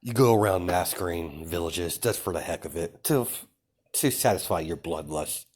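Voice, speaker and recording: A man's voice: low voice, moderate pace, darkish tone. A man voicing a cold, scornful vampire queen. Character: cold, mocking vampire queen mother, woman.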